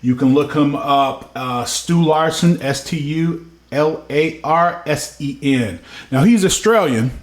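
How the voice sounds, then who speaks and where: A man co-hosts a podcast and chats casually. He tells animated stories and slips into quick imitations. His voice sits a touch high and rings in an echoey room. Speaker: podcast co-host. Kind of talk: casual chat.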